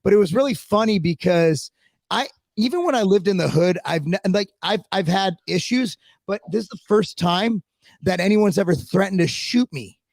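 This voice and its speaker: A man co-hosting a podcast, telling a story in casual chat, animated and profane, acting out the people he quotes. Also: high voice, normal speed, vocal fry, no echo. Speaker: podcast co-host.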